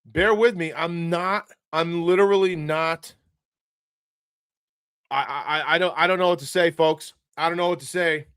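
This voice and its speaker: A man hosting a live sports stream, talking in an excited, frantic way and repeating himself. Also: a little high, normal speed, clean tone, no room sound. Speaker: sports podcast host. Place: home studio, seated.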